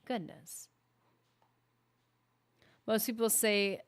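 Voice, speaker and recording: A woman's voice: mid-range voice, normal speed, no room sound. A woman streaming a game, chatting casually and teasing her viewers in a playful way. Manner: playful, teasing banter with chat. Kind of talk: casual live-stream chat.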